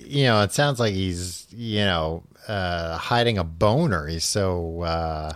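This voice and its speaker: A man's voice: low voice, slow, dry recording. A man hosting a podcast, casually retelling a story in a loose, rambling way full of asides. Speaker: podcast host retelling a book. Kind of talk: casual chat, paraphrasing the story.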